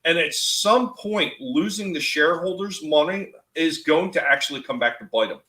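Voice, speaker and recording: A man's voice: a little high, lively intonation, moderate pace, bright, forceful tone, reverberant, poor audio. A man hosting a live stream, ranting with strong opinions and reading out chat comments. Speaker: stream host.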